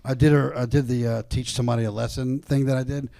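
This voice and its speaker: A man's voice: mid-range voice, little pitch movement, fast talker, gravelly, warm tone, no echo. Profane, rambling male storyteller. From Atlanta comedy scene. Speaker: podcast guest. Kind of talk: casual storytelling.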